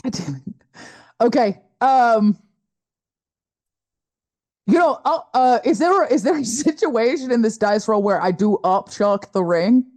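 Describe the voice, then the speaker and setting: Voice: mid-range voice, animated, unhurried, pauses often, darkish tone. A tabletop game player talking casually, laughing and swearing.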